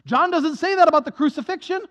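A man preaching a sermon, swinging from hushed, soft passages to impassioned, raised delivery. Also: very high voice, fast talker.

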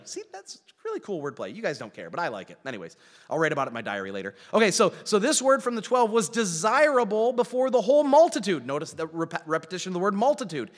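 A man preaching a sermon as a pastor, animated and full of rhetorical questions, with wry self-deprecating asides. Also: sits high, fast. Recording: long reverb of a large hall.

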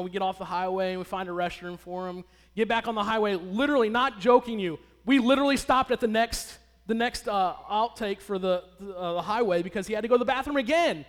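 Addressing an audience, a man in his thirties shares a personal story in a high, clear, resonant voice. He keeps it conversational, chatting and putting questions to the listeners, with a long reverb from the hall.

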